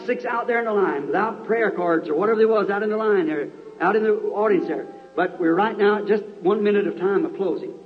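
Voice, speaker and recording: Man preacher, fairly high voice, earnest healing-service sermon, muffled lo-fi tape with faint music behind. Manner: earnest, calls out to people in the crowd.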